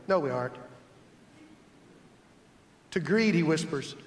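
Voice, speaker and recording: Male pastor, high-pitched, emphatic sermon delivery in an echoey sanctuary. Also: measured pace, pauses often. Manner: emphatic, builds repeated lists. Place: church sanctuary. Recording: echoey church hall.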